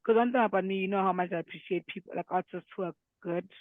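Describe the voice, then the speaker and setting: A man's voice: sits high, dry recording. A man co-hosting a music podcast, chatting casually and with enthusiasm. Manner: animated, fast, enthusiastic. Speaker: podcast co-host. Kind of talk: casual chat. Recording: tinny phone-like sound.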